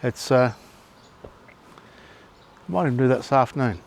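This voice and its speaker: A man's voice: medium pitch, a little slow, vocal fry. A man hosting a travel vlog, chatting casually and rambling with lots of ums and uhs, then telling a joke. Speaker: vlog host.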